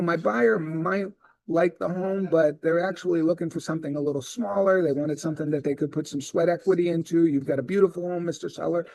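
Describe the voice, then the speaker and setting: In a sales training talk, a middle-aged real estate trainer with a fairly high voice spins stories and animatedly performs the conversations within them. No room sound is audible.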